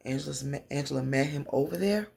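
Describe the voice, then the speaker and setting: Hoarse woman recapping a TV episode. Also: very deep voice, quick pace, slight background noise. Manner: animated storytelling, acting out quotes. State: losing her voice. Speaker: TV recap vlogger.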